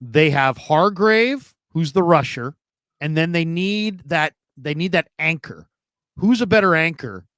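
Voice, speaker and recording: Sports panelist, male, opinionated, smooth and clear, dry close sound. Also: fairly high pitch, animated, unhurried, fairly bright tone, no room sound. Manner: opinionated, thinking aloud with restarts. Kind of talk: casual sports talk.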